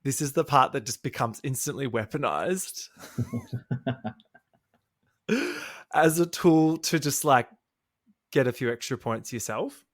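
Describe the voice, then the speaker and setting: A man's voice: medium pitch, lively intonation, a little slow, long pauses, no echo, clean studio sound. A man co-hosting a podcast, recapping a reality show in a chatty, catty way and laughing often. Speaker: podcast co-host. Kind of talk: casual chat.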